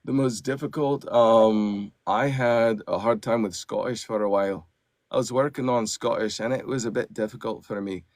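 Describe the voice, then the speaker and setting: Low gravelly-voiced man, dry close sound. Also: fairly even intonation, normal speed, a little mellow, no echo. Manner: explains at length with many fillers. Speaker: audiobook narrator and actor. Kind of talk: casual interview chat.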